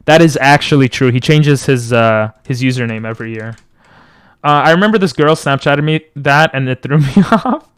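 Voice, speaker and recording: A young man streaming from home on a close boom mic, rambling and joking as he answers chat. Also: moderate pace, fairly bright tone, clean tone, no echo. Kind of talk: casual live-stream chat. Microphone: boom mic close to the mouth.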